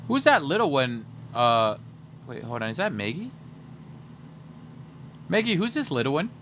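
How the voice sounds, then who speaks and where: A young man hosting a livestream, chatting casually and teasing his viewers in a joking, animated way. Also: mid-range voice, normal speed, a little hiss or hum. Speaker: livestream host.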